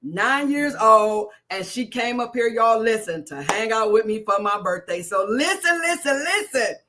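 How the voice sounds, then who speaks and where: Excitable woman minister with a bright voice. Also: on the high side, a little slow. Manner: excitable, repeats herself, greets viewers by name. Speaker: minister hosting a live stream. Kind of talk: casual live-stream chat.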